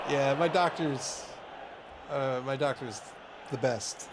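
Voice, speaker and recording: Male stream commentator, high and animated, self-mocking storyteller, noisy background. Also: unhurried. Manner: chatty, self-mocking storyteller, laughs often. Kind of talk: casual game commentary and chat. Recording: audible background noise.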